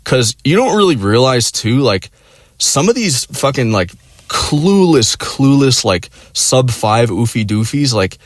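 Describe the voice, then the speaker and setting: This man's mid-range voice moves a little slowly as he tells a casual story, cursing constantly and filling gaps with "like" and "you know." Animated, he acts out his friends in quoted voices, captured in clean studio sound with no echo.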